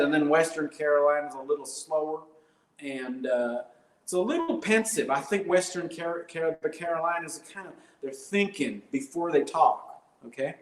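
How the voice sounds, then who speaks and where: A man's voice: fairly high pitch, moderate pace. A man doing rambling, hesitant stand-up comedy on a live stream, full of fillers and absurd bits. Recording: roomy echo.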